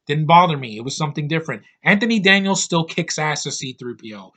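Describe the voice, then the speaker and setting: A man in his thirties reviews a film in a loose, ranting way. He is blunt and swears freely, wandering off on tangents and padding his talk with fillers. His voice sits a little higher than most men's. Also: lively intonation, quick pace, bright, forceful tone. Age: 30s. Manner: blunt, profane, rambling with many fillers. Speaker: movie reviewer. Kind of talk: casual rant-style film review.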